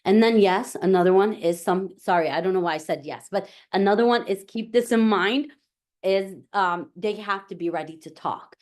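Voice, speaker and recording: A woman presenting a parent workshop, talking in a relaxed way, repeating her points and often checking in with "right?". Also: mid-range voice, moderate pace. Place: library meeting room.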